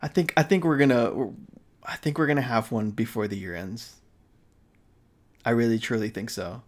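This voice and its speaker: Young man, tired, casual stream chat, rambling, frequent fillers and restarts, mid-pitched voice. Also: moderate pace. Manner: rambling with many fillers and restarts, laughs often. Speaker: live streamer.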